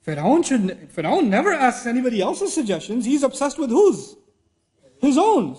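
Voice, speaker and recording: A male teacher gives an animated religious lecture. He keeps asking rhetorical questions and acts out little exchanges. His voice sits notably high for a man. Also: normal speed. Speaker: Islamic teacher. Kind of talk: lecture sermon.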